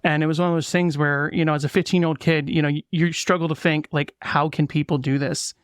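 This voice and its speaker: A man's voice: a little high, little pitch movement, fast, clean tone, no echo, clean studio sound. A man in his thirties hosting a podcast interview, sincere and openly a fan. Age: 30s. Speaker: podcast host.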